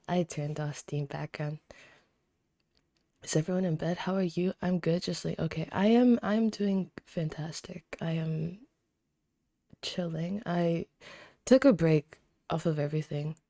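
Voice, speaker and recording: Chatty young woman streamer, mellow voice. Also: on the low side, no room sound, studio quality. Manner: chatty, excitable, swears freely, greets viewers by name. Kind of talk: casual chat with stream viewers.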